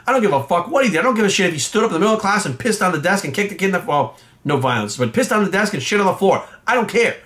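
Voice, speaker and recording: Fast-talking angry man ranting. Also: high-pitched, lively intonation, a bit bright. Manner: angry, profane, emphatic. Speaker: fitness coach vlogger. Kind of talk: ranting monologue.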